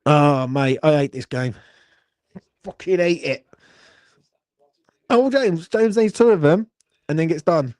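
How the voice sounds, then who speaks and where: A man's voice: a little high, slow, pauses often, darkish tone, no echo, studio quality. A young man, hosting a live horse racing watchalong, swearing and grumbling in a rambling way. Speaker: watchalong host.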